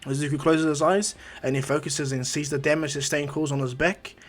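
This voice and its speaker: A man's voice: on the high side, fairly even intonation, fairly quick, faint music behind. A man, improvising a rambling fan-story retelling and acting out the quotes. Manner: rambling, self-correcting, acts out quotes.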